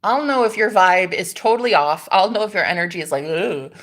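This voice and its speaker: A woman's voice: on the low side, fairly quick, fairly bright tone. A woman hosting a casual spiritual livestream from a rented room, sassy and laughing as she talks back to her viewers' comments. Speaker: livestream host.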